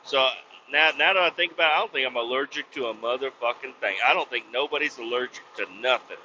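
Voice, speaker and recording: A man hosting a podcast, ranting bluntly with lots of swearing and sudden loud outbursts. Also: mid-range voice, fast, a little hiss or hum. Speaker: podcast host. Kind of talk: profane comic rant. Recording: slightly dull lo-fi recording.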